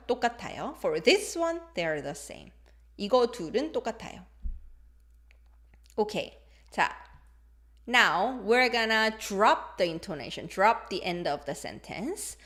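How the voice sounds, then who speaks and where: Lively, playful woman teaching a lesson. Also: medium pitch. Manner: demonstrates intonation with exaggerated examples. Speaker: language teacher. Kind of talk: live-streamed lesson.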